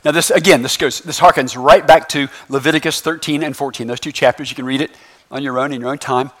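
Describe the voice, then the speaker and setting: A man's voice: mid-range voice, fast. A man preaching a sermon in a church, in a loose, conversational way, tossing in slangy phrases and frequent "right?" checks with the congregation. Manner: lively, conversational preaching with constant "right?" asides. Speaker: pastor.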